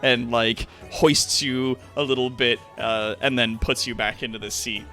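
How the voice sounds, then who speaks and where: A man's voice: mid-range voice, flat delivery, a little slow, sharp tone, faint music behind. A man narrating as game master in a tabletop game, rambling with many fillers and restarts.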